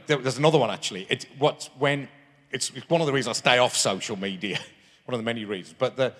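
A man spins a long, looping anecdote, doubling back and restarting his sentences as he goes. His voice sits at an ordinary middle pitch for a man. A long hall reverb trails every phrase, as heard from a live stage in a large town hall. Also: a bit bright. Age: 50s. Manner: rambling storyteller with many restarts. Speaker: guest.

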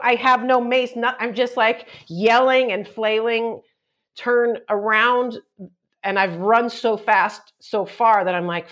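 A middle-aged woman, a comedian guest, telling a story on a chat podcast with lots of acted-out shouts and quotes. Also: on the high side, fairly even intonation, slow pace, muffled recording.

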